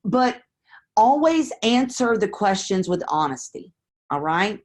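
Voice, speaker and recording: During a live stream, a woman coaches real estate investors, speaking candidly and acting out sample phone calls. Her voice sits at a medium pitch and moves slowly in a sing-song way, and her manner is conversational throughout.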